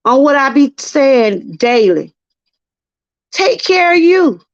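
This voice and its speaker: Middle-aged Southern woman, high voice, earnest preachy live-stream testimony, dry muffled lo-fi sound. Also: sing-song, takes it slowly, no room sound. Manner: earnest, preachy, repeats herself, talks to chat. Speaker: channel host.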